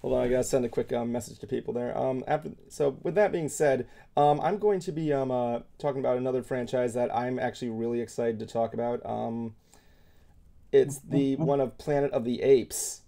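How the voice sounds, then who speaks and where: A man's voice: medium pitch, a little fast, creaky, warm tone. Chatty man hosting a nerdy podcast. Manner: chatty, many ums and restarts. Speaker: podcast host. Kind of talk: casual chat.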